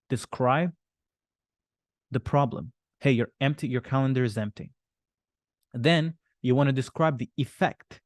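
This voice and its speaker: A man's voice: mid-range voice, no room sound. Dry-sounding man coaching business casually. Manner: rambling and profane, acting out clients' worries. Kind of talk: casual teaching on a group call.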